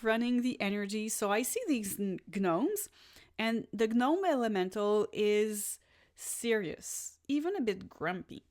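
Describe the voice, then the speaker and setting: A woman hosting a podcast, telling a personal spiritual experience in a lively, enthusiastic way, with casual asides and restarts. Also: mid-range voice, a little slow. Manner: animated and enthusiastic, with laughs and restarts. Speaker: podcast host and spiritual reader. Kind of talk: casual first-person storytelling.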